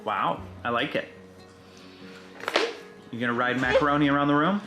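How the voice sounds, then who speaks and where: A woman's voice: extremely low pitch, moderate pace, loud music behind the voice. A woman in sing-song baby talk with a toddler, coaxing and imitating animal sounds. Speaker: mother.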